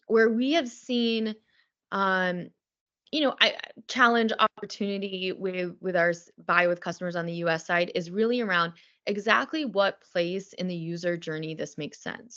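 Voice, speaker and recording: A woman's voice: on the low side, moderate pace, pushed and bright. A woman representing a vendor answers a webinar question in a conversational way, with filler words, heard over a video call. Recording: dull lo-fi call audio.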